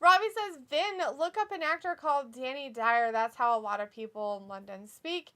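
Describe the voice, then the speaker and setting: A woman co-hosting a live wrestling watch-along, chatting casually, laughing a lot and reading viewer comments aloud with animated reactions. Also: high voice, moderate pace. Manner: giggly and animated, often laughing and reacting loudly.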